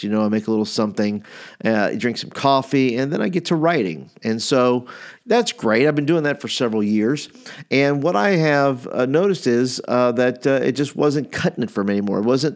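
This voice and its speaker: A man's voice: fairly low pitch, fairly quick. A man in his forties giving a casual teaching talk on youth ministry, rambling with fillers and restarts as he tells a story. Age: 40s.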